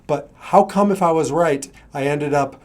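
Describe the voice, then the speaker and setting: A man's voice: a little high, normal speed, darkish tone. A middle-aged man giving an earnest, conversational motivational talk as a coach, now and then acting out both sides of an argument. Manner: earnest, conversational, acts out his own side of an argument.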